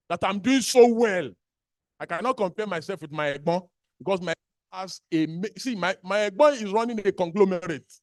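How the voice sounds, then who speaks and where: A man with a Nigerian accent delivers a fiery public speech in a notably high voice. He hammers his points home by repeating whole phrases. The sound is close and dry, with no room around it. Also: dry recording. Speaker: activist speaker at a birthday gathering.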